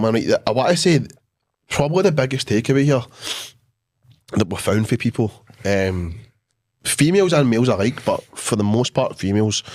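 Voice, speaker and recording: A young Scottish man with a lowish voice chats on a podcast. He swears freely, laughs a lot and tells long stories. His talk is loose and casual. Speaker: podcast co-host. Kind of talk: casual chat.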